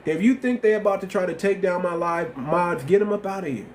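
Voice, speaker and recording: Brisk and high-sitting, the voice belongs to a livestream host, a man with a slight lisp who speaks bluntly, repeats himself, and uses lively casual slang. Slight background noise can be heard.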